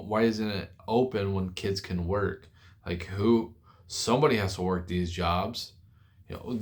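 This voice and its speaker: A young man with a fairly low voice rants to camera, fed up and profane. He stumbles and restarts his sentences as his frustration spills out. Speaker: forklift driver venting online. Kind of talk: angry rant to camera.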